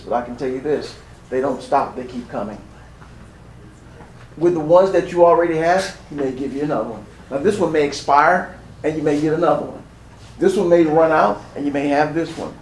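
A man's voice: a little high, reverberant, recorded from a distance, slight background noise, low-quality recording. A man preaching a sermon as pastor, building his points with emphasis and repetition.

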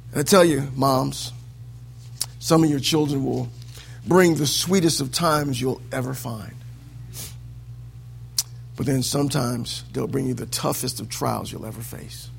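A man preaching a sermon in a church, swinging from hushed lines to loud, sing-song peaks. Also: mid-range voice, measured pace, gravelly, pauses often, slight background noise.

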